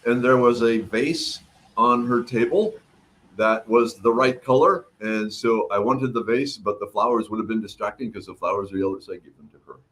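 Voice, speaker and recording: A man's voice: on the low side, normal speed, a bit bright. Chatty middle-aged man greeting viewers. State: throat recovering. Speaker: livestream host. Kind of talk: casual livestream chat reading comments.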